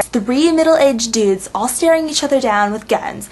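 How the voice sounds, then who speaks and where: A woman casually recapping a web series episode, chatty and sarcastic, full of "like" and quick eye-rolling asides. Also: on the high side, lively intonation, a little mellow.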